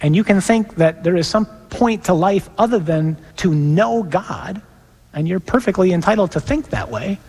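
Husky priest preaching in a reverberant church. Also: male voice, high-pitched, animated, darkish tone. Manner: earnest, slows to drawn-out emphatic pauses. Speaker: priest leading a parish mission. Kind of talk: preaching a sermon and leading prayer. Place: large church.

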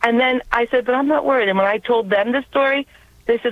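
A woman's voice: mid-range voice, fairly even intonation, fairly quick, no echo. A woman with a New York accent calling in to a radio show, telling an earnest personal story. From Long Island, New York. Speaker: caller. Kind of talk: personal testimony on a call-in show. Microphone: telephone. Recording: tinny phone line.

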